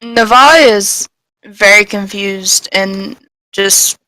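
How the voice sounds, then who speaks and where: A woman taking her turn in a tabletop game, speaking very slowly and hesitantly with many fillers. Her voice is bright and clear, and the sound is close and dry. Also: medium pitch, no room sound, low-quality recording. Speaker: player. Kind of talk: casual tabletop game talk.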